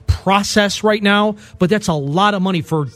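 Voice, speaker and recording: A man's voice: sits high, normal speed, fairly bright tone, dry recording. A man on a sports talk panel, speaking in a skeptical, wry way.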